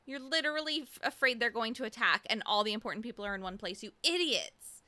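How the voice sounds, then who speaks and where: A chatty woman co-hosts a book podcast, laughing easily and cursing for fun. Her voice is bright and a little high, recorded close and dry. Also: animated, fast, dry recording. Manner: chatty, laughs often, swears. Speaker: podcast co-host. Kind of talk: casual book recap chat.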